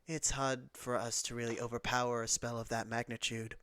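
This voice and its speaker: A man voicing a weary goddess in a tabletop game, speaking in a calm, regretful, measured way. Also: medium pitch, clean tone, no echo, close to an everyday voice. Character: weary goddess, the Raven Queen.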